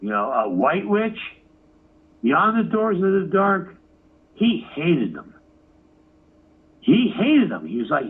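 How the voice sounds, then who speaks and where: Male rock musician, animated and profane, high voice; thin phone-line sound. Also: measured pace, pauses often, husky. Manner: swears freely, acts out quotes. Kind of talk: animated storytelling interview. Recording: phone-like narrow audio.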